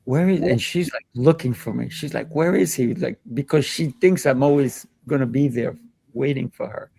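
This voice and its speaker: Gravelly-voiced man telling stories. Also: medium pitch, moderate pace, no echo. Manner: animated, acts out children's voices in anecdotes. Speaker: kung fu instructor and show host. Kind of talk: casual discussion, storytelling.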